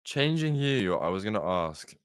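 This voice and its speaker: A man hosting a podcast, asking measured questions. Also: lowish voice, very animated, clear, resonant tone, no echo. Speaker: podcast host. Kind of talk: podcast interview.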